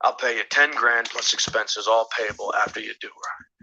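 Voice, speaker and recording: An actor playing a blunt, gruff middle-aged man in an animated film, who cuts straight to business. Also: lowish voice, normal speed, slight background noise, full character voice, rough recording.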